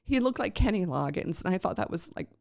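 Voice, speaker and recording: A woman's voice: medium pitch, animated, fast, vocal fry, no room sound, clean studio sound. A woman podcast host telling a personal story in a chatty, rambling way, with many fillers and restarts.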